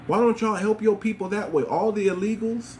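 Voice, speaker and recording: Livestream host, man, sardonic rhetorical rant, voice pitched a bit high, faint noise behind. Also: a little fast, darkish tone. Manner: mocking, rhetorical, preachy. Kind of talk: livestream commentary talking to viewers.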